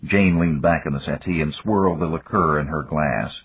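A man narrating an audiobook in measured storytelling. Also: a bass voice, breathy edge. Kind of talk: scripted narration. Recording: dull lo-fi, dry recording.

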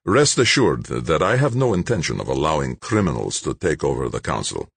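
Man playing a proud politician, formal and clipped, husky deep voice, lively delivery, dry. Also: brisk, no echo, heavily acted. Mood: guarded, stern. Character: ambitious male politician, guarded and proud.

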